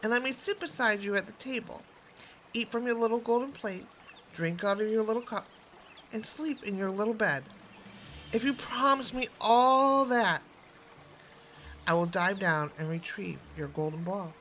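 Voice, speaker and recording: A woman reading a storybook and voicing a persistent young male frog who pleads in a high, insistent voice. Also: moderate pace, pauses often, fairly bright tone, slight background noise, lightly acted, poor audio. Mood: bargaining.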